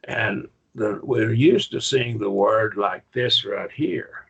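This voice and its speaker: A man's voice: fairly low pitch, slow, gravelly, a bit bright, husky. A man teaching a college-level Greek Bible class, explaining step by step with enthusiasm. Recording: muffled lo-fi class recording.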